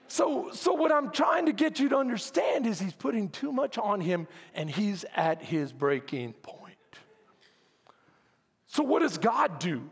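A man preaching as a pastor, animated, acting out complaining voices and shouting at peaks. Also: high voice, gravelly, slightly rough, long reverb tail. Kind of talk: sermon.

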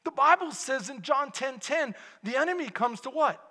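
A man preaching with a very high, bright, ringing voice that swings widely in pitch. His delivery climbs from hushed tenderness to shouted fervor. The sermon echoes through a large church hall with a long reverb tail. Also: lively intonation, moderate pace. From Texas. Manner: builds from soft and intimate to loud, shouted passion. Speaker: pastor. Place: church sanctuary.

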